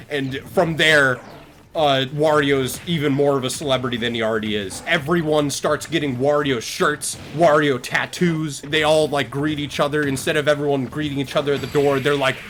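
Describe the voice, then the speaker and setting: A man's voice: medium pitch, fairly bright tone, a little hiss or hum. A young man live-streaming, improvising a silly story in a rambling, playful way and talking straight to his chat.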